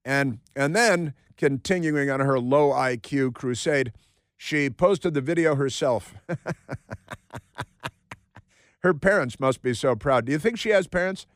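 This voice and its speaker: A man's voice: mid-range voice, measured pace, long pauses, no echo. A man hosting a talk radio show, delivering a mocking, sarcastic monologue with lots of repetition and asides from a studio. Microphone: studio microphone.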